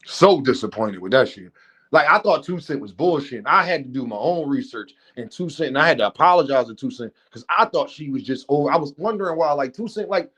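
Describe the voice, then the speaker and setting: A man's voice: mid-range voice, lively intonation, a little fast, fairly bright tone, husky. A man hosting a livestream, ranting bluntly and profanely and talking straight to his chat. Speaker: livestream host. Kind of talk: unscripted livestream rant.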